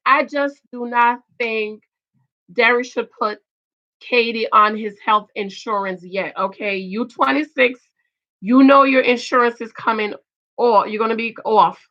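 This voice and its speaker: A middle-aged woman giving loud, emphatic casual commentary on a reality show and reading viewer comments. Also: a little high, highs cut off. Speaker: vlogger reviewing a reality show.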